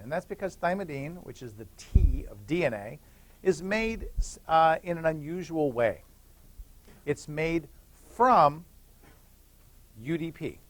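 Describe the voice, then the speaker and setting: A middle-aged man giving a classroom lecture, explaining step by step, repeating key points and checking in with "okay?". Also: fairly high pitch. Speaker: university biochemistry lecturer. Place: lecture hall.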